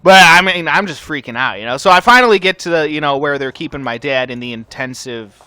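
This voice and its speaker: A young man chats casually over his gameplay, telling a long story with constant swearing and lots of filler. His voice sits a little high and sounds bright. It leaps up and down as he gets worked up. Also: fairly quick, clear, resonant tone. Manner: profane, rambling, animated storytelling. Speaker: gaming channel host.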